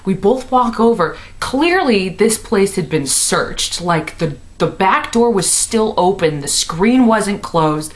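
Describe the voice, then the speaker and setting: A woman in her twenties from Missouri, telling a comic story to the camera in her apartment, bubbly and animated, full of "like". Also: medium pitch, slow, few pauses. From Missouri, USA. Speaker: comedy vlogger. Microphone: camera in her room.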